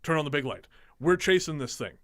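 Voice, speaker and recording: A man's voice: fairly high pitch, lively intonation, fairly quick, a bit bright. A man co-hosting a podcast, telling stories in casual chat with dry jokes. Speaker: podcast co-host.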